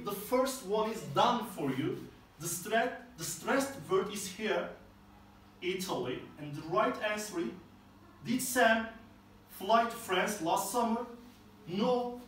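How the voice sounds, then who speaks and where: A male teacher with a fairly high voice walks through each exercise slowly and patiently. He is recorded from a distance in a very echoey room. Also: lively intonation, a bit bright, slight background noise. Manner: slow, explains step by step. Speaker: English teacher. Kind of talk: classroom lesson explanation.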